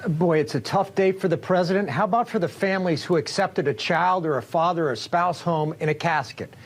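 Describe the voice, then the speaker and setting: A man's voice: on the high side, brisk. A man speaking as a television news commentator, indignant and cutting.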